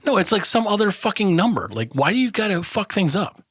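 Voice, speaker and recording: A man's voice: sits high, sing-song, brisk, a bit bright, breathy edge, dry recording. A man co-hosting a casual podcast, swearing a lot, laughing often and rambling through stories. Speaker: podcast co-host. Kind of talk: casual banter.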